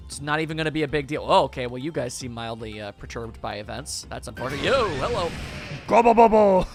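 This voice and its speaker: A young video game streamer with a medium-pitched, fairly bright voice gives playful, chatty let's-play commentary, even talking directly to the game.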